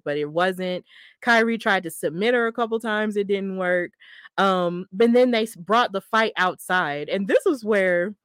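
A woman hosting a podcast, casually recapping a wrestling match in a chatty, excitable way and laughing often. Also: medium pitch, clean tone, no room sound, clean studio sound. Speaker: podcast host.

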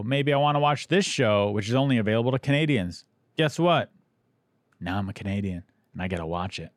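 A man's voice: mid-range voice, no echo, studio quality. A man hosting a podcast, a comedian who teases his guest in casual chat and reads an ad spot. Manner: teasing, playful.

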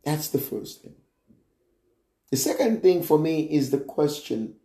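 A man preaching a sermon as a priest, slow and deliberate, with emphatic rises on key words. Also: fairly high pitch, big pitch swings, mellow, reverberant.

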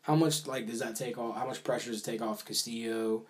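A man's voice: medium pitch, steady tone, fairly quick. A man co-hosting a casual sports talk show, rambling and hedging with fillers while he weighs baseball moves. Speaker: podcast co-host.

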